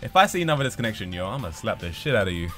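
A young man commentating his own online match with excitable, profane trash talk. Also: fairly low pitch, rapid-fire, faint music behind. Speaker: gaming channel host. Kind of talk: live gameplay commentary.

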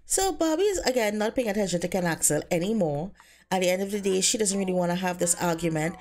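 A woman talks through her life-simulation game in a loose, chatty way, her voice sitting at an ordinary middle pitch. She drops filler words as she goes and says the characters' lines in her own voice, casual and unscripted. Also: animated, fast, darkish tone. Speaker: Sims let's play narrator. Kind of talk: casual gameplay narration.

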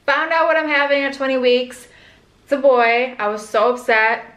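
A young pregnant woman talks candidly to camera, her speech full of "like" and quick asides. Her voice sits a little high, and the room around her has a noticeable echo. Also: fairly bright tone. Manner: chatty, lots of "like", candid and rambling. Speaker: vlogger. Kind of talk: casual pregnancy vlog. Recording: echoey room.

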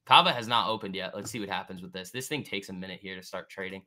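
A man's voice: low voice, quick pace, sharp tone. A man hosting a trading livestream, talking casually and slangily while reading and answering chat.

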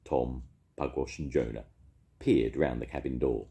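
An older man, a storytelling grandad, reading a children's story aloud with expressive delivery. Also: rumbling low, measured pace, gravelly.

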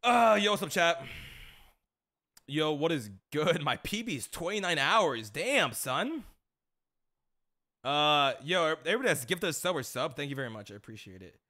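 Very animated at a moderate pace, this young Mexican-American streamer has a slightly high, pushed, bright voice. He chats loosely in slang, shares a comic story about his father, and laughs along at it.

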